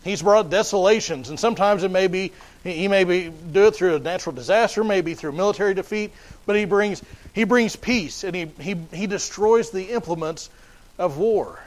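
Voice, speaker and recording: A man's voice: high voice, normal speed, poor audio. A man preaching a sermon in an emphatic, repetitive way, often restarting his phrases.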